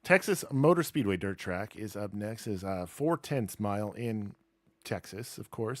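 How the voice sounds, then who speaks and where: A man's voice: on the low side, lively intonation, measured pace, no room sound. A man streaming a dirt racing game, talking casually and wryly through results and car setup, mocking himself as he goes. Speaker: gaming streamer. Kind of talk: casual live gameplay commentary.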